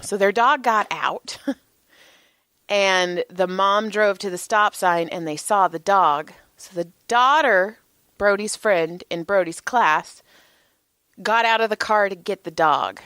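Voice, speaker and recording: A woman in her thirties co-hosting a podcast, telling a story in a casual, animated way and often laughing and swearing. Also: medium pitch, takes it slowly, no room sound. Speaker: podcast co-host.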